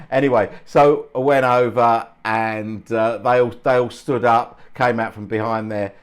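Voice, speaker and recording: A man's voice: mid-range voice, fairly even intonation, a little slow, clear, resonant tone. A man, the host of the channel, telling an anecdote in a chatty, chuckling, self-deprecating way. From England. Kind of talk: casual anecdotal storytelling.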